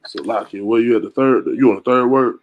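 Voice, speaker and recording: A man's voice: mid-range voice, steady tone, a little fast, phone-quality sound. A man helping a reader along with short prompts and corrections. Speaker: reading coach.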